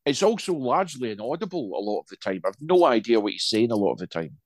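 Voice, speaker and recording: A man's voice: medium pitch, big pitch swings, fast, no echo. A middle-aged man co-hosting a podcast, reviewing a film in casual chat, rambling and wry, with frequent restarts.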